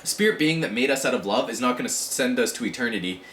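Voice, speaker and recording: A man talking casually in a rambling vlog monologue, with many fillers and frequent throat clearing. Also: mid-range voice, animated, fast talker, fairly bright tone, reverberant, slight background noise. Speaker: vlogger.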